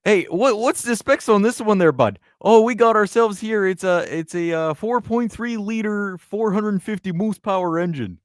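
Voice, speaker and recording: A man doing a voice as a folksy Canadian car salesman with chirpy, drawn-out sales patter. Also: sits high, dry recording, clean studio sound, pitched above the performer's own voice, natural voice.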